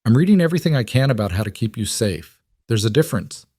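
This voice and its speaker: A man voicing a huge, gentle cowboy who is frightened for the woman he loves, speaking roughly and from the heart, in a storybook reading. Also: medium pitch, big pitch swings, quick pace, no echo. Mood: heartfelt.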